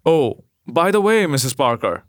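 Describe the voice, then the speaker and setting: A man voicing a fussy, stingy gentleman who speaks primly and with quiet suspicion. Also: on the high side, sing-song, normal speed, no room sound, clean studio sound.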